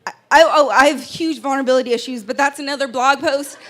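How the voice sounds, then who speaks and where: A woman's voice: sits high, fast talker, a bit bright. A woman telling a personal story in an earnest, emotional speech on an event stage, often stumbling and restarting. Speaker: keynote speaker. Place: event stage before an audience.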